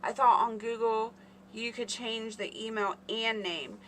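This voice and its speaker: A woman's voice: fairly high pitch, fairly even intonation, unhurried, fairly bright tone, a little hiss or hum. A woman hosting a casual live stream, rambling and chatting with her viewers by name. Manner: chatty, rambling, talks to chat readers by name.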